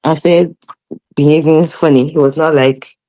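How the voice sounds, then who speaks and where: A young woman, a podcast guest telling animated, laughing stories from her childhood. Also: sits low, moderate pace. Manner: lively, laughing, animated storyteller. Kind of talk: casual storytelling chat.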